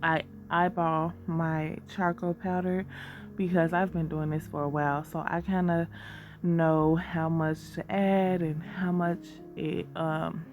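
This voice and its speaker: A woman's voice: lowish voice, level tone, slow, a little mellow. A woman with a scratchy voice, getting over a cold, chatting casually as she demonstrates soap making and calls viewers y'all. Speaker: soap maker and shop owner. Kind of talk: casual how-to narration. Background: background music.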